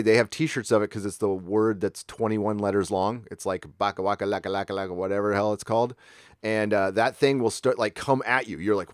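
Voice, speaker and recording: A middle-aged man from San Diego, chatting casually as a livestream host and telling rambling, profane stories that jump into sudden high-pitched bursts. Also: a little fast, no room sound, studio quality. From San Diego, California. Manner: laid-back, profane storytelling with sudden high-pitched outbursts.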